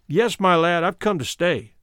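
A man's voice: sits high, lively intonation, moderate pace, fairly bright tone, no echo, clean studio sound. A man voicing a defiant elderly woman labor organizer who answers firmly, in an audiobook reading. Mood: resolute.

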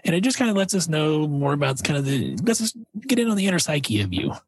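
A laid-back male podcast host reads out his questions in an easy manner. His voice is a little high and husky, and the dry close recording has no room echo. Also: big pitch swings, fast. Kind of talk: casual podcast interview.

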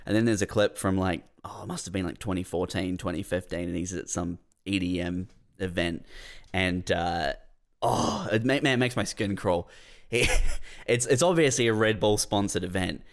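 A man's voice: low voice, moderate pace. A young man co-hosting a casual comedy podcast. He tells stories expressively and swears casually. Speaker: podcast co-host.

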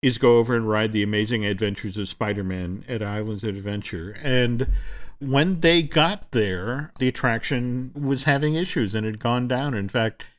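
Chatty man telling a long story. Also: mid-range voice. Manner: storytelling, halting with restarts. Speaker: podcast co-host. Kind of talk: casual chat.

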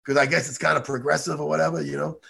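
A man co-hosting a casual chat show, ranting excitably and swearing a lot. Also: a little high, racing, vocal fry. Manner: animated profane ranting, excitable. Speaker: podcast co-host.

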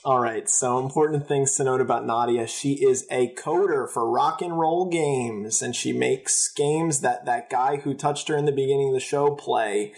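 A young man co-hosting a casual podcast, walking through a plot step by step in a steady, easygoing manner. His pitch sits in the middle for a man. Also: normal speed, creaky, hardly any pauses. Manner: steady, narrating plot in order. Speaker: podcast co-host. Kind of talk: casual chat recap.

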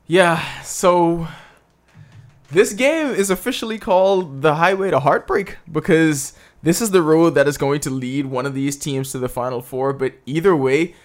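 A man in casual sports chat, talking in an animated, exasperated and playful way. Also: on the high side, moderate pace. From Bahamas.

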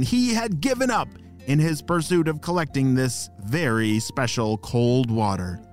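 A man hosting a children's podcast, narrating bedtime stories in an upbeat, animated way. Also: medium pitch, unhurried, few pauses, soft background music. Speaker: children's podcast host and storyteller.

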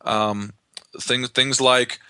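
A man being interviewed as a real estate investor, explaining in an animated way with lots of restarts. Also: mid-range voice, extremely slow, smooth, dry recording. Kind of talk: conversational podcast interview.

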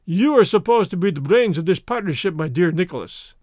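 Guy narrating as a sly teasing crook, high bouncy voice, dry sound. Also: lively intonation, fairly quick, a little mellow, dry recording. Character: sly, wry Russian accomplice, a master thief.

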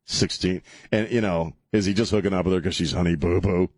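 A man's voice: deep voice, fairly even intonation, fairly quick, a little mellow, no room sound. A man hosting a radio talk show, joking, rambling and laughing as he chats in a studio. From South Texas. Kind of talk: casual radio banter. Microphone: studio microphone.

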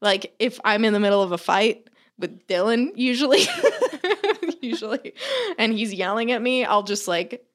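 A young woman co-hosting a casual comedy podcast, blunt and giggly, telling stories with animated energy. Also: medium pitch, moderate pace. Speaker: podcast co-host.

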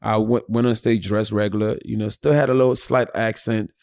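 A man's voice: lowish voice, brisk, gravelly. A middle-aged man from Ghana, a comedian telling profane, jokey stories in casual chat. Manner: animated, profane, jokey storyteller. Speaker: comedian guest.

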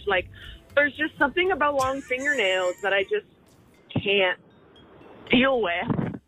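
A woman's voice: sits high, moderate pace, pushed and bright, slight background noise. A woman caller leaving a chatty, rambling phone message that jumps from topic to topic. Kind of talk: phoned-in voicemail. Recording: tinny phone line.

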